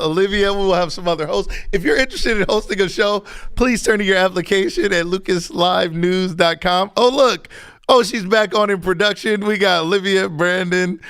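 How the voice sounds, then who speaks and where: Man, talk show host, teasing banter, fairly high voice, smooth and clear. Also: normal speed, fairly bright tone, dry recording, clean studio sound. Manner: playful teasing, laughs often. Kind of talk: casual live community show chat.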